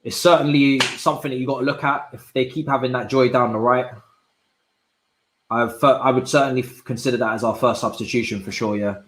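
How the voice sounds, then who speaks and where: A young man reacting live to a football match, swinging from low muttering to loud shouts and using plenty of slang. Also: steady tone, a little fast, echoey room, slight background noise, poor audio. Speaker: football watch-along streamer. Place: indoor room at home.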